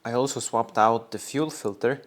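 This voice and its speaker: A man's voice: medium pitch, normal speed. A man hosting a car restoration video, explaining each step casually while he works in a garage workshop. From Norway.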